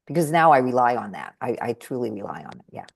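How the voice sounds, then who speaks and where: A woman's voice: quick pace, gravelly, slightly rough. A woman guest telling stories in conversation, animatedly acting out the voices of the people she quotes. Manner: animated, acts out quoted voices with big jumps in pitch. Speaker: guest speaker and trainer. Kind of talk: conversational storytelling.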